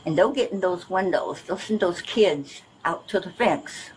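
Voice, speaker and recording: A woman's voice: fairly low pitch, animated, measured pace, low-quality recording. Older woman ranting to police on bodycam. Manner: rambling, insistent, complaining. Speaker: resident questioned by police. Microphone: officer's bodycam. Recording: outdoor bodycam audio with faint noise.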